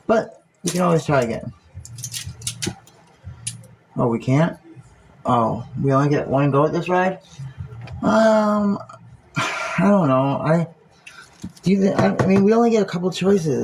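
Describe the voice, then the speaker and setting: A man rambles through a casual livestream into his phone, musing aloud and swearing freely. His voice is gravelly and mellow. A faint noise sits under the recording. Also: fairly high pitch, low-quality recording.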